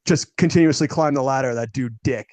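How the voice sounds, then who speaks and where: A young man co-hosting a casual movie podcast, chatting eagerly and breaking into laughter as he recalls jokes. His voice sits at an everyday middle pitch, close to the mic in a dry, dead-sounding space. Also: brisk, darkish tone, no room sound. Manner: enthusiastic, laughs while retelling jokes. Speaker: podcast co-host. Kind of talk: casual movie review chat.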